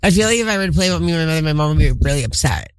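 A woman's voice: deep voice, expressive, very fast, clear, resonant tone. A young woman talking casually as a podcast co-host, rambling and laughing often. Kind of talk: casual chat.

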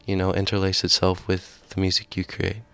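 Man, radio host, low even voice, smooth and clear, earnest questions. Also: normal speed. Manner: earnest, agreeable, a bit rambling in questions. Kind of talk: casual radio interview.

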